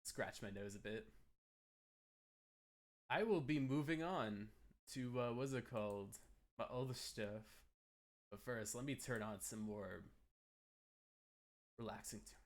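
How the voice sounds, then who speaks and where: A man at a middle pitch chats casually on a livestream, rambling along and often searching for the word he wants. His talk is loose and unscripted, full of fillers and restarts. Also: slow, pauses often. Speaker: streamer.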